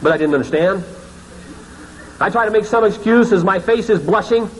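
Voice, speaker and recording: A male pastor with a high, light voice preaches through a dramatic story. He often sinks to hushed, ashamed tones. A faint hum of room noise sits behind him. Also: normal speed.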